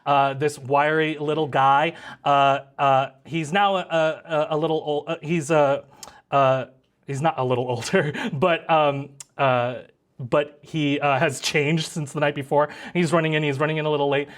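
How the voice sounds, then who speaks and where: Guy running a tabletop game, rambly with lots of ums, kinda high voice. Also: steady tone, a little slow. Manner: rambling, many fillers. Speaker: game master.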